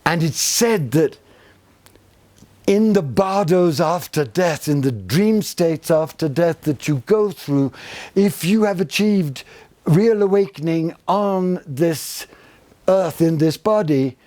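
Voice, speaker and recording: Slow, expressive older man teaching. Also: fairly high pitch, no echo. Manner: slow, expressive and effusive, teasing with the group. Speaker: spiritual teacher. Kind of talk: spiritual talk to a retreat group.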